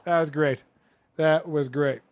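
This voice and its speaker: A man's voice: a little high, steady tone, measured pace. A man hosting a comedy podcast, joking and rambling in casual banter. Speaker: podcast host.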